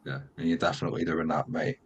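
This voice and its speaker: A man's voice: low-pitched, very animated, quick pace, vocal fry, husky, muffled recording. A man hosting a podcast, cheering on his guest and calling him "mate". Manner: encouraging, calls the guest "mate". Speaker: podcast host. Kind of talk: casual interview chat.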